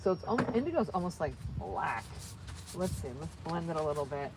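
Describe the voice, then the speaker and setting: A woman's voice: low voice, big pitch swings, fairly quick, very noisy. A woman hosting a live crafting session, chatting cheerfully to viewers as she works and often repeating herself. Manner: cheerful, rambling, repeats phrases, talks to viewers while working.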